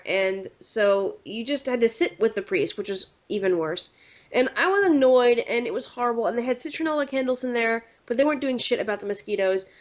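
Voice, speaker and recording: A woman hosting a podcast, telling rambling, animated stories in casual chat. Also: fairly high pitch. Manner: animated, rambling, quick to slip into quoted voices. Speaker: podcast host. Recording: dull lo-fi podcast audio.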